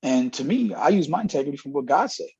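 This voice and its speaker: A man's voice: on the high side, big pitch swings, fast talker, mellow. A middle-aged man, a football coach, giving a candid interview and telling stories with lots of acted-out dialogue. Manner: earnest storyteller acting out dialogue. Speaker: college running backs coach, interview guest. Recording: dull lo-fi audio.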